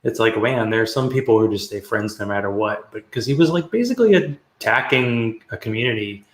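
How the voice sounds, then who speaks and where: A man's voice: fairly low pitch, expressive, fairly quick. Man chatting in an echoey room. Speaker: podcast host. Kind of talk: casual podcast chat.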